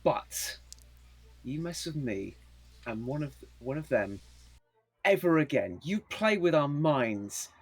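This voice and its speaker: A man's voice: on the high side, big pitch swings, slow pace, long pauses, husky, dry recording, heavily acted. A man voicing his tabletop character, an angry warrior threatening a goblin.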